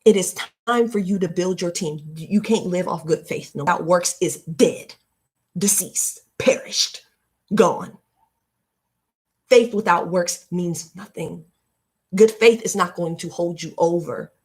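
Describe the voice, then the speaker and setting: A woman in her late twenties hosting a live stream, giving a heartfelt motivational talk. She repeats her points emphatically, like a preacher, and turns soft and emotional. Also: on the low side, takes it slowly, breathy edge. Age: late 20s. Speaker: livestream host.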